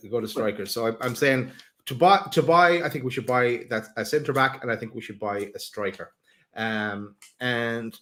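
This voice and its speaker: A man co-hosting a casual football podcast, talking through transfer wishes with many fillers and restarts. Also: medium pitch. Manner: hesitant, many fillers and restarts, laughs at own picks. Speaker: podcast co-host. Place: home, remote live stream. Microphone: video call mic.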